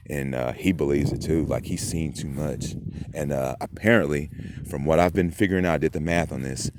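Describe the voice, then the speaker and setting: A man's voice: very deep voice, moderate pace, darkish tone, no echo. A man in a rambling, profane monologue to camera, agitated and full of fillers. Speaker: vlogger.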